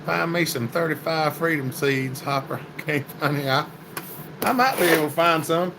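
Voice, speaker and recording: A man's voice: on the high side, moderate pace, noisy background. A man hosting a casual livestream, reading viewer comments and greeting people by name in a folksy, chatty way. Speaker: livestream host.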